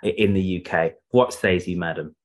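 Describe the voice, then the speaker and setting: Low-voiced Brummie man chatting. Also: steady tone, moderate pace. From England. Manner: chatty, jokey, tells anecdotes. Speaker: podcast co-host. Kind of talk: casual chat.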